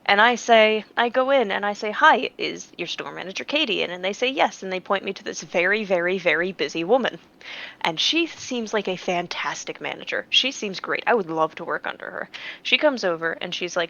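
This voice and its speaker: A woman's voice: mid-range voice, expressive, brisk, creaky, pushed and bright. A woman telling a long, blunt, profane story in casual chat, quoting what people said. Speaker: player. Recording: dull lo-fi audio.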